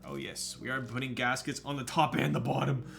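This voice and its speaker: A man's voice: mid-range voice, steady tone, fairly quick, creaky, over music. A young man casually chatting on a live stream while building a keyboard, joking around and reading viewer messages aloud. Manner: joking, reads chat aloud, teasing.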